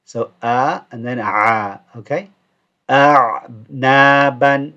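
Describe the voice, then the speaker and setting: A man teaching Quran recitation, modelling each word slowly for students to repeat, with quick explanatory asides. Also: medium pitch, steady tone. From United Kingdom. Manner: slow, drawn-out model pronunciation, then quick asides. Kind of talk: recorded recitation lesson, repeat after me. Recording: dull lo-fi recording.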